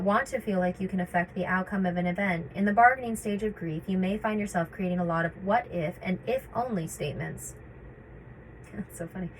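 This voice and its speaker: A woman's voice: medium pitch, a little hiss or hum, rough recording. A woman vlogging about her own grief. She reads passages from an article and breaks off into casual, hesitant commentary with many fillers and restarts.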